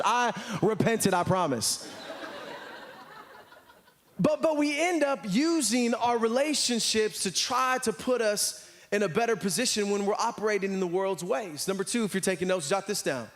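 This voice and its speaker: An American man preaching a sermon to a church, telling stories and acting out the voices of the people in them. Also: high-pitched. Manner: animated storytelling, acts out voices. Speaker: pastor.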